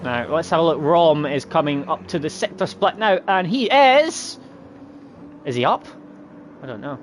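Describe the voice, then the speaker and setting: A man commentating a sim racing broadcast in a chatty way, laughing and quickly correcting himself. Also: fairly high pitch, animated, slight background noise. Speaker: race commentator.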